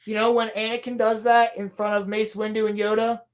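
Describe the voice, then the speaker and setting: A woman's voice: mid-range voice, little pitch movement. A woman on a casual podcast, ranting profanely and exasperatedly about a show she is recapping. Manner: profane, exasperated ranting with quick acted quotes. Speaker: podcast co-host.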